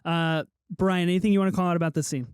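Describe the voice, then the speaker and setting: Male podcast host, clean voice pitched a bit high, loose chat that leads the discussion. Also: fairly even intonation, quick pace, clean tone, no room sound, studio quality. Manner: leads discussion, swears casually. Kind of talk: casual chat.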